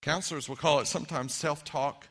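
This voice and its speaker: A man preaching a sermon as pastor, earnest and emphatic at times, then quiet and personal. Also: fairly high pitch, steady tone, a little fast, vocal fry, husky.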